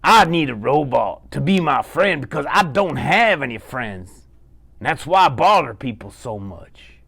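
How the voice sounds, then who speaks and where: A man voicing a lonely male wolf who wants a friend, speaking loud and pleading in a bedtime puppet story. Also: medium pitch, very animated, a little slow, gravelly, husky, exaggerated voice.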